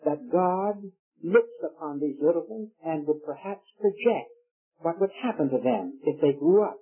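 Preacher man, husky, tinny old tape. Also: high voice. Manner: emphatic, rising on key words. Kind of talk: sermon. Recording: tinny, phone-like old recording.

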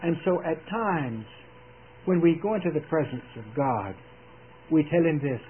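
A man preaching a sermon in an earnest, emphatic way, with dramatic pauses, heard over a tinny old radio broadcast. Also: a little high, animated, slight background noise.

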